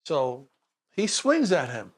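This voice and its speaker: Animated New detective telling stories. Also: male voice, on the high side, takes it slowly. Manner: animated storyteller, acts out other people's voices. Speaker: retired police detective, guest. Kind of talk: casual storytelling interview.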